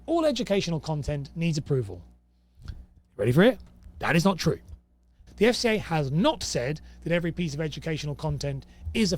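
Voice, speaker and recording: A young man with a fairly high voice talks casually to camera. He reads rules aloud and answers them with dry, exasperated sarcasm. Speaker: host.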